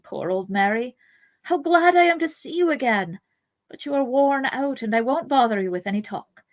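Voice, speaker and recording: A woman's voice: fairly high pitch, brisk, pitched above the performer's own voice, natural voice. Woman voicing Pippin, an anxious young hobbit. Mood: worried. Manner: urgent, coaxing, raised voice.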